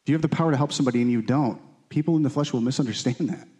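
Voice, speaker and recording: A man's voice: rapid-fire, warm tone. A man teaching a Bible study in a conversational sermon style. He speaks earnestly and informally, often checking in with "right?" and "okay?". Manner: acts out quotes with lifted, pleading pitch.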